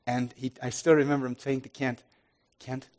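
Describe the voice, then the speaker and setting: A man giving an earnest sermon testimony, restarting often and swinging from loud to soft. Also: medium pitch, flat delivery, a little fast.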